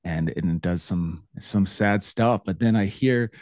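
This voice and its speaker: Host: a low, mellow man, earnest and affirming, dry close recording. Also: unhurried, no echo. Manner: earnest and affirming, emotional reflections. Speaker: podcast host. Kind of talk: casual interview chat.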